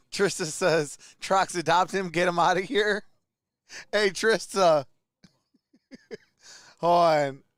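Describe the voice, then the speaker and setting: A hoarse man hosts a casual live stream, greeting viewers one by one and laughing often. His voice sits high and moves at an unhurried pace. The sound is clean and dry. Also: fairly bright tone, no echo. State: hoarse, voice nearly gone. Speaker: livestream host.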